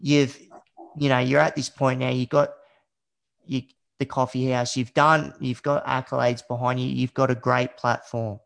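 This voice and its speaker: A man's voice: mid-range voice, level tone, moderate pace, gravelly, a bit bright. An Australian man hosting a podcast interview, chatting casually and hesitantly, calling his guest "mate". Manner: friendly, says "mate", hesitant. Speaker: podcast host.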